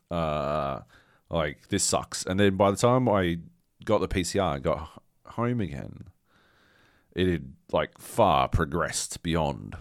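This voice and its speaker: A man's voice: sits low, animated, a little slow, dry recording, clean studio sound. A man co-hosting a podcast, telling a rambling, profane story with dramatic quoted asides, still carrying a slight cough. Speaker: podcast co-host. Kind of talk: casual chat.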